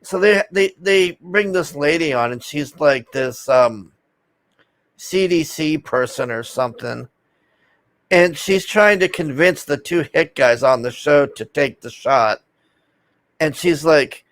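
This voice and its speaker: A man with a slightly high voice rants to his viewers, swearing freely and sounding fed up. He trails off with a low "man" after most complaints. The sound is dry and close, with no room around it. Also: expressive, measured pace, fairly bright tone, dry recording. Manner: profane, exasperated, trailing off with "man". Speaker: video host. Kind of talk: casual ranting commentary.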